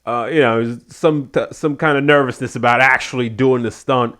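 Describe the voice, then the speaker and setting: A man's voice: mid-range voice, normal speed. A man giving a casual spoken review of a wrestling show, animatedly retelling what happened. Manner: animated retelling, acts out quotes.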